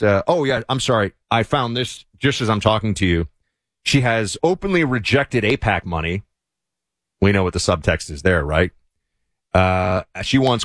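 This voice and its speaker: A man's voice: mid-range voice, animated, a little slow, fairly bright tone, no echo, studio quality. A man hosting a talk show, giving sardonic, opinionated commentary that rambles with frequent restarts.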